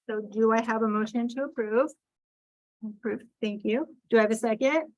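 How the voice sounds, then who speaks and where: A woman chairing a school board meeting, reading the procedural script in a measured, formal way. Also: on the high side, no echo, poor audio.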